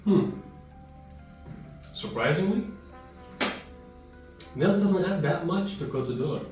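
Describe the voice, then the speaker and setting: A vlogger with a fairly high, lively voice reviews chocolate slowly, rambling casually and sometimes talking while chewing. The audio is dull, recorded in a very echoey room with a distant mic and soft guitar music behind.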